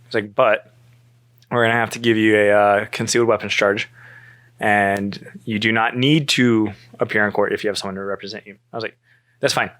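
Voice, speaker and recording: A man in his thirties telling a story in casual chat, animated, cursing freely and acting out both sides of the conversation. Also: on the low side, moderate pace, no room sound. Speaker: podcast guest.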